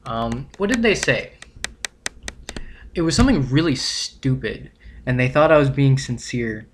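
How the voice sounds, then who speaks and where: A young man talking casually to camera, rambling and halting, often correcting his own wording. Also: mid-range voice, animated, a little hiss or hum. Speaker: vlogger.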